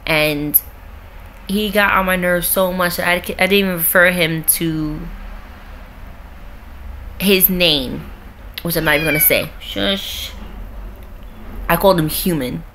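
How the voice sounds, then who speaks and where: A woman's voice: on the low side, fairly bright tone, a little hiss or hum. Blunt, profane young woman venting. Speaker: vlogger. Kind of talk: casual vlog rant. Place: at home with her cat.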